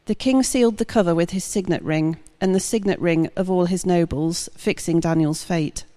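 A woman reading a long scripture passage aloud at a steady, measured pace. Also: lowish voice, big-room sound. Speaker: scripture reader.

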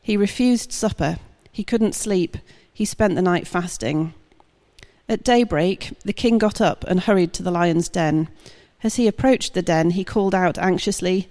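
A woman reading a long scripture passage aloud at a steady, measured pace. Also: medium pitch, long reverb tail. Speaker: scripture reader.

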